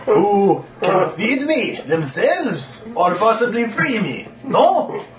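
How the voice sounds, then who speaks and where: A man's voice: sits high, sing-song, takes it slowly, reverberant, distant mic, a crowd in the background, pitched above the performer's own voice, heavily acted. A man voicing a strange, horrific-sounding male creature, imprisoned and hungry, who talks rudely and makes threats. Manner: rude, demanding, threatening.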